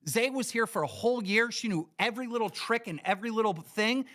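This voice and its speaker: A man with a high voice hosts a livestream in full rant mode. He is angry and profane, hammering every point with emphasis. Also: fast, bright, forceful tone. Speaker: livestream host.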